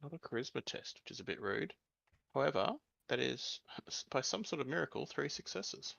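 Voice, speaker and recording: A man's voice: medium pitch, big pitch swings, brisk, vocal fry, a bit bright, dry recording, lo-fi sound. A man as a player in a tabletop game, explaining his moves in a hesitant, casual way.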